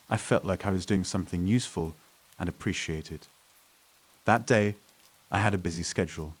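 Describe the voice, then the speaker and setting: Deep-voiced male horror narrator. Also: darkish tone. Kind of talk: scripted first-person horror narration.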